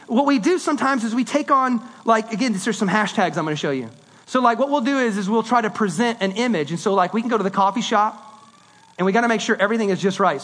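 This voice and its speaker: A man preaching a sermon in a conversational, animated way, swinging between loud and hushed delivery. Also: very high-pitched. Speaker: pastor.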